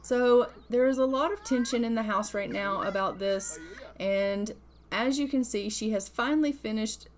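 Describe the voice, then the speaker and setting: A woman's voice: a little high, normal speed. A woman narrating her life-simulation game in a chatty, casual let's-play style, retelling each scene as it happens. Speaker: gaming creator.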